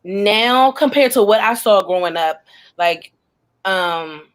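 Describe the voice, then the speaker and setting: A woman's voice: medium pitch, lively intonation, slow, clean tone. A woman guest on a panel discussion, speaking reflectively and at length.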